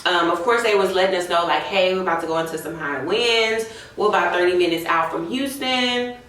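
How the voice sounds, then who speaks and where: A young woman tells a story in animated, chatty talk, saying "y'all" a lot while she does her makeup. Her voice sits a little low. It sounds distant and bounces around an echoey room. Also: fairly quick. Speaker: beauty vlogger. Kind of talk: casual storytime chat while doing makeup.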